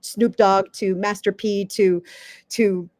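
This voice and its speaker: A woman from the US East Coast, a communication coach giving advice as an interview guest in a lively, emphatic way, sometimes stammering as she restarts. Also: medium pitch, takes it slowly, dry recording. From United States East Coast.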